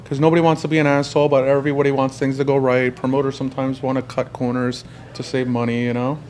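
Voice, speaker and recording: A man's voice: mid-range voice, flat delivery, a little mellow. A man who manages artists, hosting a podcast and giving practical advice in a casual conversation. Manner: advising, talks fast and at length.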